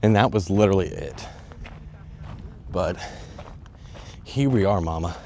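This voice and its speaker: A young man filming a casual walking travel vlog, talking straight to viewers in a joking, excitable way with plenty of swearing, out of breath as he goes. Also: low voice, unhurried, gravelly, slight background noise. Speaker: travel vlogger. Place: outdoors and in stone tunnels of a sea fortress. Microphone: phone on a selfie stick.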